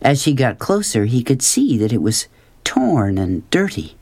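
A man reading a children's novel aloud as the audiobook narrator, in measured, unhurried scripted narration. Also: medium pitch, big pitch swings, darkish tone.

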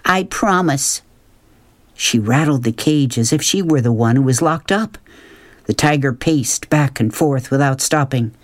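An audiobook narrator reading a novel chapter in a calm, measured way. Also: mid-range voice, no room sound. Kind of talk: scripted narration.

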